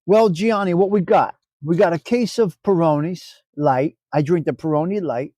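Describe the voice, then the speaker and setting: Man, middle-aged, live stream host, foul-mouthed joking banter, mellow tone, dry close sound. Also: on the high side, moderate pace, no echo. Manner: loose, profane, joking banter. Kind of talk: casual chat with live chat viewers.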